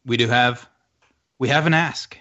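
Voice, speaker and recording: A man co-hosting a casual podcast, reading listener segments quickly and chuckling as he goes. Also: medium pitch, bright, forceful tone. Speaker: podcast co-host. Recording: dull lo-fi audio.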